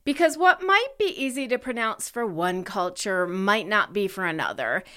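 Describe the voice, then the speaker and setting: Lively, bright-voiced woman podcast host. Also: mid-range voice, moderate pace. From United States. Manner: lively storyteller. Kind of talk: casual podcast chat.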